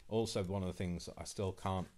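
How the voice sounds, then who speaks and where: Deep-voiced man talking earnestly. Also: fairly even intonation, fairly quick, a little mellow, a little hiss or hum. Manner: rambling, earnest, self-correcting with many restarts. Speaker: channel host. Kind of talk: casual chat.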